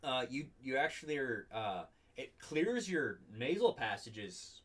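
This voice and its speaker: Male game master, mid-pitched, loose rambling narration, sits a bit back from the mic. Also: big pitch swings, measured pace, fairly bright tone, distant mic. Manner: rambling, full of "like" and restarts, laughs often.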